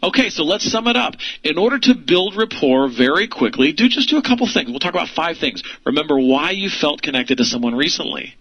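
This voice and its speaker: Man, real estate trainer, animated pitch, slightly high voice, rhetorical questions. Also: a little fast, few pauses, dull audio. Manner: lively, rhetorical questions, frequent light laughs. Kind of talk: instructional video lesson.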